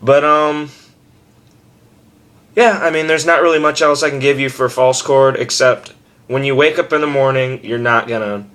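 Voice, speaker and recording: A young man giving a casual, rambling tutorial on screaming, self-deprecating and loose, with sudden loud scream demos. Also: medium pitch, fairly even intonation, normal speed.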